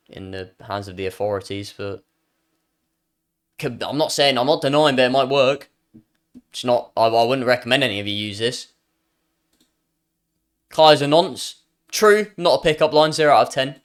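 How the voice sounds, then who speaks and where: A man's voice: medium pitch, a bit bright. A young British man streaming live, reacting to chat with jokes and playful banter, often trailing off and restarting his sentences.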